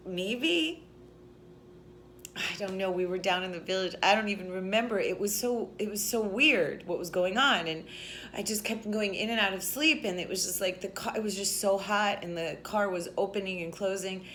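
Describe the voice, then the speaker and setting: In a brisk, mid-range, slightly bright voice, a woman vlogger tells a story casually, rambling and restarting often with plenty of "like"s. A bit of hiss or hum is audible.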